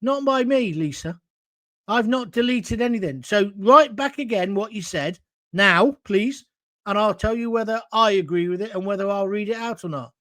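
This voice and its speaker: A man's voice: high-pitched, normal speed, a bit bright, no echo, clean studio sound. A middle-aged man, hosting a live-stream and ranting bluntly while reading viewer comments at home. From England. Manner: blunt, combative, ranting, jokey asides. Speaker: host of a live-stream show. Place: at home, alone.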